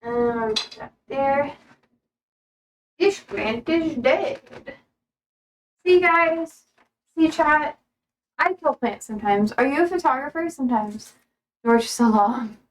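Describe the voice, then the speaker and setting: A young woman chats slowly and casually on a live stream, her high voice sitting a little back from the mic. She laughs easily and talks to her viewers like friends. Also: expressive, far from the mic, rough recording. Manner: chatty, laughs often, coos at her dog. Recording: voice from away from the mic.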